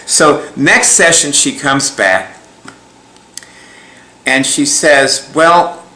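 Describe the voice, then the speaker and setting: A man tells a story in a casual, rambling way, with a bright, forceful tone. He chuckles often and restarts his sentences as he goes. The sound rings in a roomy, echoey space. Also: a little high, very slow. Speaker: speaker recounting a client story. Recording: echoey room.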